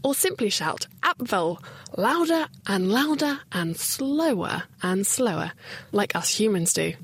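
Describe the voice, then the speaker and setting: Lively, slightly husky woman reporter. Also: mid-range voice. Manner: playful, lively narration. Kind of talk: scripted science report.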